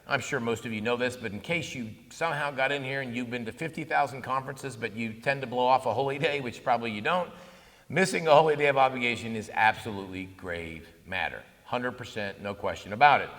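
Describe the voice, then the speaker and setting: A man's voice: medium pitch, brisk. Man speaking in a reverberant hall. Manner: conversational, animated storytelling with asides. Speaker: conference speaker. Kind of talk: conference talk on Catholic faith. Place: conference hall.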